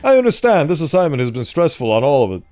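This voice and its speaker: A man reading aloud voices a calm, patient male clinical psychologist who asks gentle, soothing questions. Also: a little high, fast talker, faint music behind.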